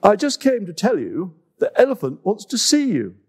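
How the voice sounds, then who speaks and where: A man voices a friendly male jungle animal in a cheerful, light manner, heavily acted. His voice sits high, above his own natural pitch, with wildly swooping intonation at a moderate pace.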